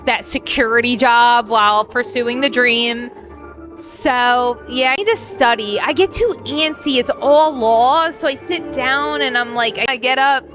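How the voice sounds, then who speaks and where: A high-voiced woman chatting casually while hosting a board game playtest. She is encouraging and a little rambling. Soft music sits faintly behind her. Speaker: host. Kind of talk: casual chat at game night.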